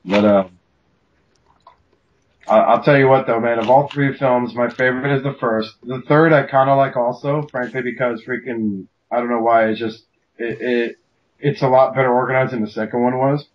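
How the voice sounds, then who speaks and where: Profane rambling man, husky voice. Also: medium pitch, fairly even intonation, moderate pace, muffled recording. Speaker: podcast host. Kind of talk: casual chat.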